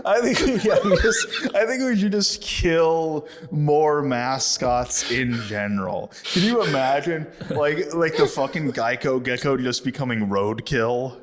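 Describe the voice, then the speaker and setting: A man's voice: on the high side, expressive, measured pace, hardly any pauses. A man co-hosting a casual podcast, riffing on jokes with lots of laughter and swearing. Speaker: podcast co-host. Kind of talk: casual chat.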